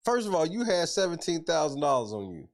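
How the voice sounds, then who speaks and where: A host giving comedic commentary on a clip, incredulous, loud and profane, laughing often. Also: medium pitch, sing-song, brisk.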